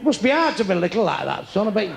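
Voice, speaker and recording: An older comedian works the crowd with crude insults and quick one-liners. His voice is gravelly and sits high for a man. The live club recording carries a lot of room noise. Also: big pitch swings. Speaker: stand-up comedian. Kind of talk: stand-up crowd work. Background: audience laughter.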